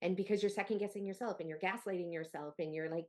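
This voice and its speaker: Lower-voiced lady hosting a podcast, earnest and caring, runs her sentences together. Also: steady tone, fast talker. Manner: earnest, empathetic, rambling. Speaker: podcast host. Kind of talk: podcast interview.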